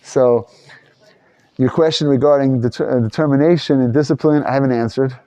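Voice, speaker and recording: A man's voice: medium pitch, steady tone, fairly quick, warm tone, muffled recording. A man leading a casual Torah class discussion, loose and rambling, thinking aloud with frequent restarts. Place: study hall.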